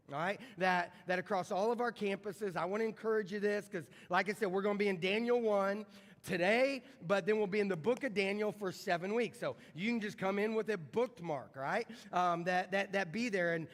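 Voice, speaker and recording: High-voiced pastor in a reverberant hall. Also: male voice. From American Midwest. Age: middle-aged. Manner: conversational, repeats words, asks the crowd questions. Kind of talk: sermon. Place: large church sanctuary. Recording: church livestream with long hall reverb.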